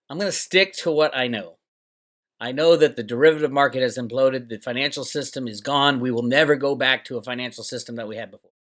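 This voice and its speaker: A man's voice: medium pitch, a bit bright. A middle-aged man hosting his own channel, talking in a rambling, sarcastic monologue and mocking others in put-on voices. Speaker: channel host. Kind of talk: casual monologue to camera. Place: home, Northern California.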